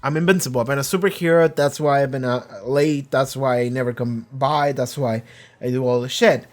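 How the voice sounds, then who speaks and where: A man's voice: mid-range voice, fairly even intonation, a little fast, soft background music, natural voice. A man voicing a young male superhero sheepishly confessing his secret identity.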